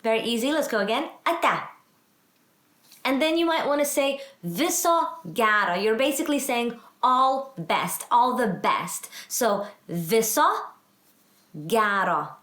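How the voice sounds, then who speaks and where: A woman teaching a casual language lesson, encouraging and a little self-deprecating, slowing down to model each word. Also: high voice, expressive, fairly bright tone. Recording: echoey room.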